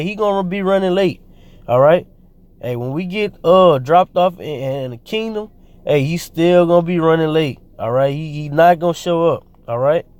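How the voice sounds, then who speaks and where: A man with a somewhat high voice preaching informally. He reads scripture aloud, then breaks into slangy, rambling commentary full of fillers and restarts. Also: darkish tone, no echo.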